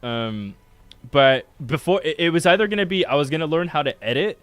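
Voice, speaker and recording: A man's voice: fairly high pitch, expressive, fairly quick, a bit bright, smooth, no room sound. A young adult man telling stories in casual chat, joking and crude, loose and rambling. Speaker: video editor and co-host.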